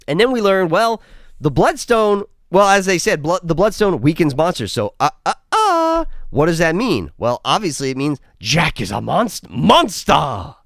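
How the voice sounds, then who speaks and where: Male film reviewer, casual and sarcastic, swears a lot; very animated delivery, dry close-miked sound. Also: a little high, a little slow, dry recording. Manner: rambling, sarcastic, swears freely.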